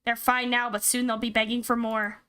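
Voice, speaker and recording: A woman's voice: a little high, flat delivery, normal speed, bright, forceful tone, clean tone. A woman streamer reading a horror visual novel aloud and reacting with startled outbursts. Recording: game music behind.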